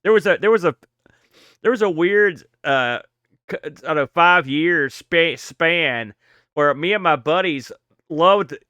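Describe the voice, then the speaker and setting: A man's voice: a little high, unhurried, bright, forceful tone, smooth, no room sound. A man co-hosting a casual podcast, telling rambling, jokey stories. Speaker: podcast co-host. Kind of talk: casual chat.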